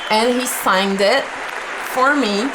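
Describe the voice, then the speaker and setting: A young woman artist reacting to an old video of herself, talking slowly with many pauses and laughs, moved and at a loss for words. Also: fairly high pitch, crowd noise, noisy background. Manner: slow, halting, laughs often, moved and speechless. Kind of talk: emotional reaction vlog.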